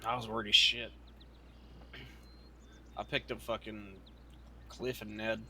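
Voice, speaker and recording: A young man in character in a western roleplay game, retelling events in a profane, animated storytelling manner. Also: fairly low pitch, a little slow, vocal fry, slight background noise.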